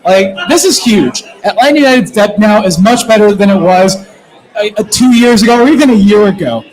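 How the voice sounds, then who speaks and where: Very high-voiced hype man. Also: brisk, poor audio. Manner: energetic, hypes up names and lineups. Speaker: podcast co-host reading the lineup. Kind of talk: live prematch soccer show chat.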